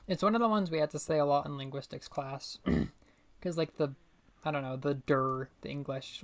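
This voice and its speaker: Low-voiced young woman streaming a game. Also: drawn-out words, long pauses. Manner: playful, mutters to herself, swears. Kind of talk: casual gaming livestream commentary.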